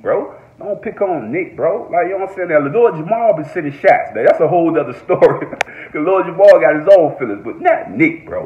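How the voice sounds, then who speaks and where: A man giving an excited, profane reaction rant in a casual vlog, repeating his exclamations over and over. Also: medium pitch. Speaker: reaction vlogger. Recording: echoey room, phone-like sound.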